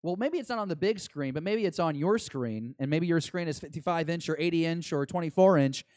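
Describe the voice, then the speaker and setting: A man co-hosting a podcast, chatting excitedly and rambling as an eager fan. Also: a little high, fairly quick, no room sound, studio quality. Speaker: podcast co-host. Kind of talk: casual chat.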